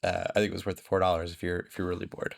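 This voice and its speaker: A man with a fairly low voice talks in loose, casual podcast chat. He rambles, fills gaps with plenty of ums and likes, and laughs often as he goes. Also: little pitch movement, rapid-fire, vocal fry. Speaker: podcast co-host.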